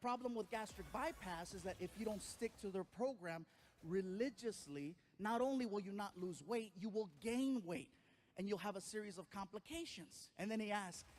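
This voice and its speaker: Man, stand-up comedian, very high voice, animated storytelling, acts out voices. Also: normal speed, a little hiss or hum.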